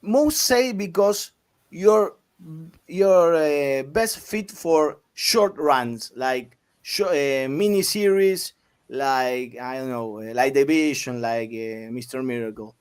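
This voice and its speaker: Slow, halting man interviewing. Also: mid-range voice, clean tone. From Argentina. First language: Spanish. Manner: halting, many fillers and restarts. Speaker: interviewer, host.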